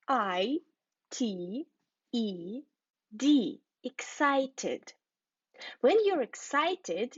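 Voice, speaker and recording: Woman teacher, slow and deliberate, repeats and spells words for learners; dull, dry lo-fi sound. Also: on the high side, breathy edge, dry recording. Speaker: English teacher. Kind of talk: scripted lesson for learners.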